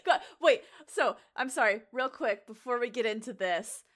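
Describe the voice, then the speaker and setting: A woman co-hosting a podcast in casual chat, animated and laughing often. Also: on the high side, moderate pace. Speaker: podcast co-host.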